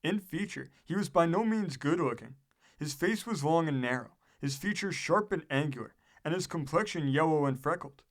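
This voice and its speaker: A man narrating an audiobook of a historical book, reading in a measured, steady way. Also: on the high side.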